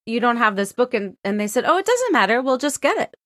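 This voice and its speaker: A woman's voice: a little high, very animated, quick pace, fairly bright tone, dry recording, studio quality. A woman co-hosting a podcast, bubbly and giggly in casual chat. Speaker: podcast co-host.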